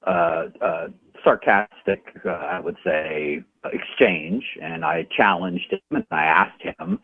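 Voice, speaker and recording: A man, an independent journalist, calling in to a radio show and telling his story in an animated, indignant way. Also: deep voice, slow, vocal fry. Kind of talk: phone-in radio interview. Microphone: telephone. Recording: tinny phone line.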